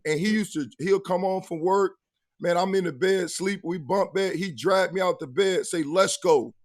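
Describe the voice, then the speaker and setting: High-voiced animated male host. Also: normal speed. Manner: animated storyteller, slangy. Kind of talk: casual sports talk show hosting.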